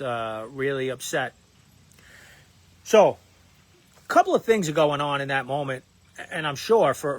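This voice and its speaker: A man in his thirties, a dad who makes parenting videos, telling a personal story in a casual, rambling way with lots of fillers and restarts, acting out what people said. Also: mid-range voice. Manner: rambling, many fillers and restarts, acts out quoted lines. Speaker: parenting content creator.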